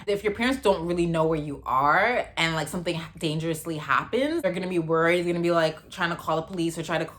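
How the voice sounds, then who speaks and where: A woman's voice: lowish voice, fast talker, hardly any pauses, a bit bright. A woman in her thirties from Canada, chatting animatedly as she tells a storytime vlog. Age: 30s. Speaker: vlogger.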